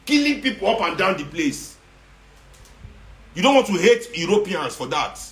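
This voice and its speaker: Man, Nigerian accent, higher voice, confrontational, sarcastic, Pidgin mixed in, echoey room. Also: very animated, moderate pace. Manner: confrontational, sarcastic, repeats for emphasis. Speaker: activist speaking to followers. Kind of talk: impassioned monologue. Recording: roomy echo.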